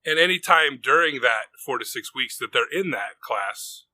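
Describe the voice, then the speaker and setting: A man's voice: mid-range voice, lively intonation, moderate pace, bright, forceful tone, dry recording. A man in his thirties on a podcast, telling a rambling story in casual chat, swearing freely and acting out what people said. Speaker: podcast co-host.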